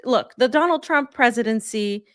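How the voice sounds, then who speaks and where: A woman's voice: a little high, moderate pace, no echo, clean studio sound. A woman co-hosting a casual political talk show over a video call, direct and emphatic, often saying "literally.". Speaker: co-host.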